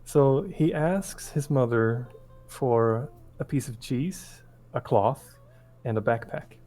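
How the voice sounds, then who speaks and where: A man's voice: medium pitch, slow, faint music behind. Man casually telling a folk tale. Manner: relaxed, rambling, with restarts. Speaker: storyteller. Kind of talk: casual storytelling to friends.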